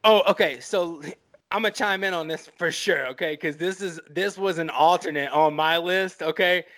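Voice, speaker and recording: A man with a high, bright, forceful voice talks about movies with a friend on a casual podcast. He swears freely and gets carried away with emotion as he talks, his enthusiasm spilling over. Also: normal speed. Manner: animated, profane, swept up in emotion. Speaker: podcast co-host. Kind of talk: casual film-review chat.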